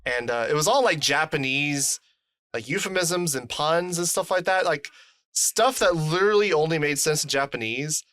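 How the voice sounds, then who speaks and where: A man's voice: fairly high pitch, normal speed, a bit bright, dry recording. A man co-hosting a podcast, talking loosely with heavy filler words and casual swearing. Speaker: podcast co-host. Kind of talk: casual chat.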